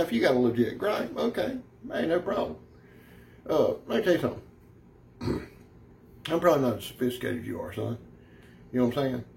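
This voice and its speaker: A man's voice: medium pitch, creaky, dark tone, slight background noise. A man giving a rambling, folksy, brash product review, talking straight to his viewers. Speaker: knife reviewer.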